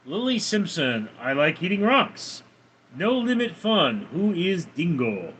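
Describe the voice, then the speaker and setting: A man's voice: high voice, very animated, unhurried, a bit bright, lo-fi sound, slight background noise. A man casually chatting on a live stream, reading out viewer names and comments in a laid-back, chuckling way. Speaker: livestreamer reading chat.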